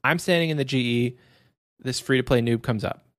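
A man's voice: medium pitch, a little fast, dry recording. Laid-back male gaming co-host, dry sound. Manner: laid-back, laughs often, acts out scenarios. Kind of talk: casual gaming podcast chat.

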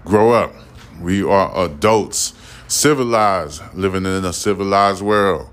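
A man's voice: low-pitched, a little slow, fairly bright tone, smooth. A middle-aged man hosting a casual news commentary podcast, rambling, blunt and profane as he lectures his listeners. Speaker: podcast host.

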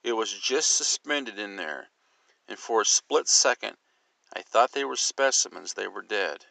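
A man reading an account aloud and then musing on it, in a measured, speculative storytelling manner. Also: lowish voice, expressive, gravelly, sharp tone, no echo.

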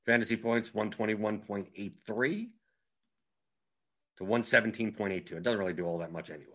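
Man explaining strategy with animated restarts. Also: fairly low pitch, a little fast. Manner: animated, emphatic, frequent restarts. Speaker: fantasy sports strategist. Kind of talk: casual tutorial explanation.

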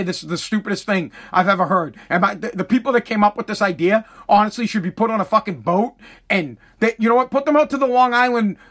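A man's voice: high voice, sharp tone. A man delivering a casual ranting monologue, profane and exasperated, full of stumbling restarts, talking into a close mic. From Massachusetts. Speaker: commentator.

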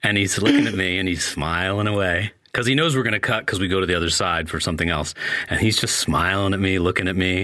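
A man's voice: low voice, sharp tone, dry recording, clean studio sound. A man, an actor guest, telling a wry anecdote full of quoted dialogue.

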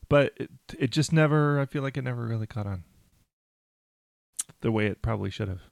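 Man host, mid pitch, stop-start storytelling, laughs easily, dry close mic. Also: vocal fry, no room sound. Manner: halting, restarts often, laughs easily. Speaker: podcast host. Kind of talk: casual podcast chat.

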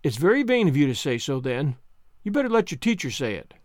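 A man's voice: a little high, big pitch swings, a little fast, no echo, clean studio sound, voice pushed down. A man voicing a stern, disapproving older spinster woman in a storybook reading, speaking in a curt, scolding way. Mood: reproving.

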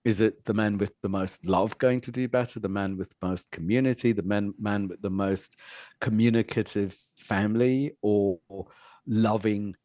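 A man's voice: fairly low pitch, steady tone, moderate pace, warm tone, dry recording, studio quality. A man speaking as a podcast guest, earnest and reflective, posing rhetorical questions. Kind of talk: reflective conversation.

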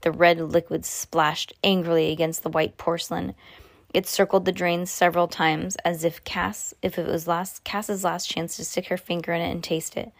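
Low-voiced woman reading a novel aloud. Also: level tone, normal speed, dry recording, clean studio sound. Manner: unpolished reading with frequent slips and restarts. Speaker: reader.

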